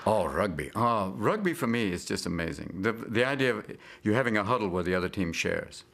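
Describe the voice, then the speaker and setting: A low, gravelly-voiced man riffs like a comedian, leaping from bit to bit with sudden put-on voices. A faint background noise stays under him. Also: very animated, a little fast. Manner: manic, jumps between impressions and shouts. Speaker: comedian interviewee. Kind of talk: rapid comic riffing with put-on voices.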